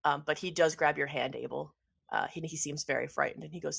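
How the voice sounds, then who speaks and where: Woman game master, low voice, descriptive narration, fillers, repeats words. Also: steady tone, a little fast, vocal fry, husky. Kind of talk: narrating a tabletop role-playing game.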